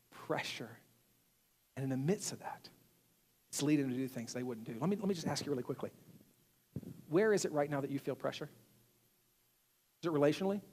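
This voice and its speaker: A male pastor giving a sermon in an animated way, asking the congregation questions. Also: a little high, long reverb tail. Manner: animated, acts out quotes, asks the audience questions.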